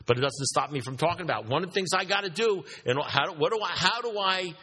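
A man's voice: fairly high pitch, lively intonation, quick pace, bright, forceful tone, slightly rough, long reverb tail. A man giving a blunt, repetitive recovery talk to a meeting, preaching and swearing freely. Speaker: AA speaker.

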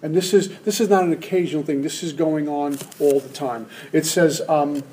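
A man's voice: a little high, steady tone, normal speed, a little mellow, slight background noise, rough recording. A man speaking at a recovery meeting to a live audience, humorous and acting out the voices in his head. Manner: humorous, acts out inner voices. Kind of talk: personal talk to a live audience.

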